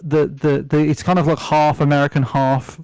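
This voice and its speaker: A man's voice: on the high side, little pitch movement, moderate pace, a little mellow, smooth, no room sound. A man chatting casually as a podcast guest, rambling with lots of fillers, restarts and swearing. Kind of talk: casual chat.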